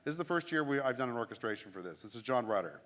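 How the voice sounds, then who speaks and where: A man talks casually and eagerly, a church music director explaining his work with quick self-deprecating asides. His voice sits in the middle range. It carries a long, echoing reverb from the church around him. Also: medium pitch, animated, very noisy. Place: church sanctuary.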